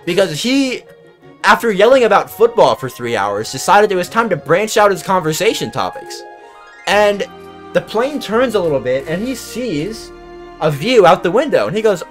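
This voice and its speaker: A young man streaming, telling a story in an animated, exasperated way and swearing freely. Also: high voice, moderate pace, soft background music. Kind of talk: casual storytelling.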